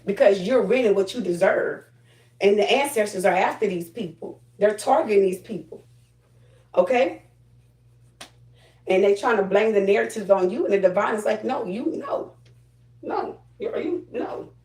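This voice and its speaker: A woman's voice: mid-range voice, normal speed, pauses often, darkish tone, echoey room, low-quality recording. A woman chatting casually and bluntly while getting ready, giving spiritual readings, repeating her phrases for emphasis. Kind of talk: casual get-ready-with-me chat.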